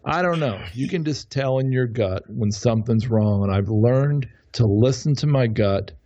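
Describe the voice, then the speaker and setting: A man voicing a slow-drawling middle-aged Texas oilman with a Texas accent, quoted in a podcast interview. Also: medium pitch, warm tone, dull audio, natural voice. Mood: folksy.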